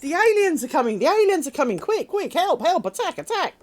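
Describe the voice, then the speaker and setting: A woman's voice: very high-pitched, big pitch swings, brisk, voice pushed up. A woman voicing a grumpy male black dog who frantically cries false alarms, repeating every word. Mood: frantic.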